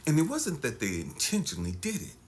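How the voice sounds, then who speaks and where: Intense male life coach with a lively voice. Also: mid-range voice, brisk, a little hiss or hum. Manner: intense, drops to hushed near-whispers then surges for emphasis. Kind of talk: motivational talk to camera.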